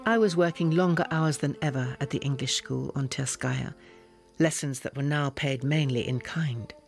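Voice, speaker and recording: A man reading a novel as an audiobook narrator, with measured, expressive delivery. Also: medium pitch, creaky, over music. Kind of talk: scripted narration.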